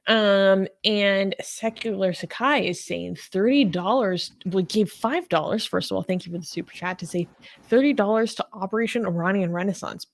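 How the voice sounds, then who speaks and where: A woman's voice: mid-range voice, moderate pace. A woman co-hosting a casual livestream, chatty and laughing often, with lots of fillers. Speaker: co-host.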